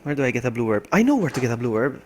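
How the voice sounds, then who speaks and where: Lively-pitched man streaming a game. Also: rapid-fire, slight background noise. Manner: muttering to himself, reacting to the game. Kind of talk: casual live gameplay commentary. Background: game music.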